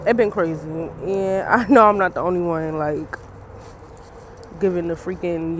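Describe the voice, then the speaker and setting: A woman's voice: fairly low pitch, steady tone, unhurried, slight background noise. A young woman talking to her camera in a casual personal vlog, chatty and loose, laughing often, her eyes swollen from crying, outdoors in the cold. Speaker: vlogger.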